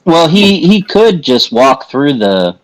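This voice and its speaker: A man's voice: on the high side, very animated, takes it slowly, low-quality recording. A man playing in a tabletop game, reading out game text and laughing often as he chats. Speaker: player. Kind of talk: casual tabletop game chat.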